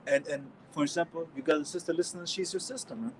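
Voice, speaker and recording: A man with a German accent teaching scripture in a casual, slangy way, restarting often and reading verses out louder. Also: fairly high pitch, quick pace, a little hiss or hum, low-quality recording. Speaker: street preacher.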